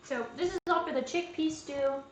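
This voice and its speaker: A woman's voice: high-pitched, normal speed. A young woman hosting a live cooking demonstration, chatting and joking to herself as she works in a kitchen. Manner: chatty, jokey, talks to herself while cooking. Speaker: cooking show host. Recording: echoey kitchen with background noise.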